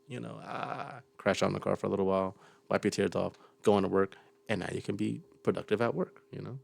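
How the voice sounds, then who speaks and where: A low, heavily gravelly male voice, the fry running through nearly every phrase. He is a young host riffing loosely on a clip, cracking jokes and laughing between thoughts. The sound is close and dry, with no room around it. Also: little pitch movement, a little fast, no echo. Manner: chuckles often, loose and joking. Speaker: reaction video host. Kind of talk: casual reaction commentary.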